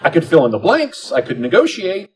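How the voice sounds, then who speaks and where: A man's voice: sits high, brisk, slightly rough, soft background music, rough recording. A middle-aged man giving a motivational convention speech, telling stories with humor and acting out the dialogue. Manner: animated storytelling, acts out dialogue with humor. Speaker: convention speaker. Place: convention hall.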